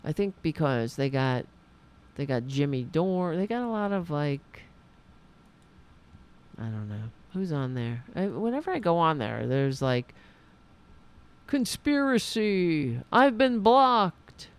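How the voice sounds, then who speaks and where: Slow-talking sarcastic woman host. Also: rumbling low, sing-song, a little mellow, clean tone. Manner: sarcastic, mocking, reading out comments in mimicking voices. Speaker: political commentary show host. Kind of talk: casual political commentary monologue.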